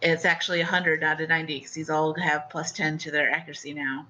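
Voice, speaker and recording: A woman's voice: low voice, level tone, fast, bright, forceful tone, lo-fi sound, a little hiss or hum. A woman running a tabletop game as game master, chatty and giggly, with lots of fillers.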